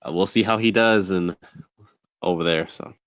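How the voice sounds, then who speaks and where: A man's voice: low-pitched, moderate pace. A man co-hosting a sports podcast, talking casually and rambling with many fillers and restarts. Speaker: podcast co-host.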